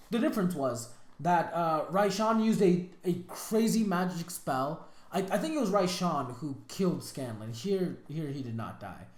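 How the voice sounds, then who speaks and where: Animated woman ranting in an echoey room. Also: on the low side. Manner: animated, exasperated, talks in restarts and slang. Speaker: reaction channel host. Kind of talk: casual reaction commentary. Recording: roomy echo.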